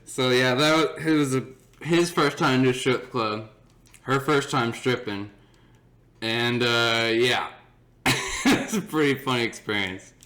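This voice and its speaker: A man's voice: medium pitch, pushed and bright. A young man hosting his own podcast, telling a story casually and animatedly, laughing often and acting out his friends' voices. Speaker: podcast host.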